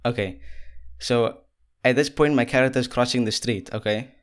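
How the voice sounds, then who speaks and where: A male podcast host in casual conversation, mid-pitched and easygoing, breaking into laughs and quick asides. He talks from a room lit by big studio lights. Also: fairly even intonation, clear, resonant tone. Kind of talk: casual interview chat.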